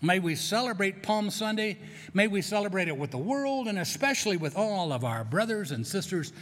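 A man's voice: sits high, big pitch swings, moderate pace, a bit bright, big-room sound. A man preaching a sermon as pastor, who often restarts and repeats words while searching for them. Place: church sanctuary.

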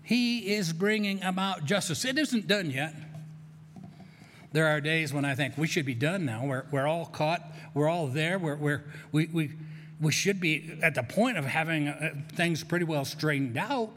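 A man's voice: on the high side, measured pace, a bit bright, big-room sound. A man preaching a sermon as pastor, who often restarts and repeats words while searching for them. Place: church sanctuary.

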